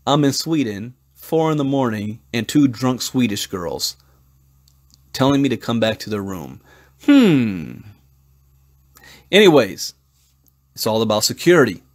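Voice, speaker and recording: A man in his forties hosting a crypto channel. He reads an article aloud and breaks off into rambling, thinking-out-loud asides and stories, with frequent restarts and chuckles. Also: medium pitch. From United States. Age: 40s. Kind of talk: casual commentary, reading an article aloud and breaking off to tell stories.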